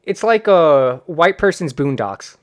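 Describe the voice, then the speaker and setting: A young man chatting on a podcast in a laid-back, reserved way, pausing on fillers. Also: on the high side, expressive. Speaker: podcast guest, gaming YouTuber. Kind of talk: casual podcast chat.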